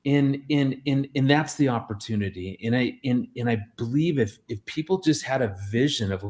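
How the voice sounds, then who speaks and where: A man's voice: medium pitch, moderate pace, few pauses. A man in his forties, a marriage expert and radio guest, telling stories earnestly and with energy, often restarting his sentences. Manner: earnest, animated storyteller with many restarts. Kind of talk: radio interview storytelling.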